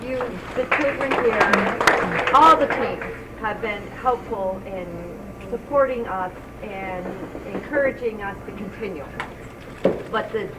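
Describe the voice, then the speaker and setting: Grateful woman, halting, far off. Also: mid-range voice, very noisy. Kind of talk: brief thank-you remarks. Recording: distant mic in loud bowling alley.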